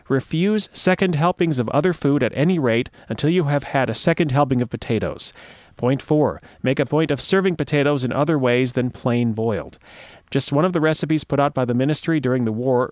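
A man's voice: a little high, no room sound. Wry male radio host, dry sound. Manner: wry, digressive, asides to listeners. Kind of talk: casual radio talk with read-out history.

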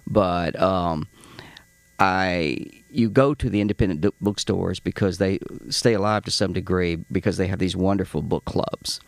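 A middle-aged novelist from Alabama with a Southern accent, telling anecdotes as a guest in a radio studio. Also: male voice, deep voice, moderate pace, creaky, no room sound. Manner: anecdotal, acts out voices in stories. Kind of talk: relaxed storytelling interview.

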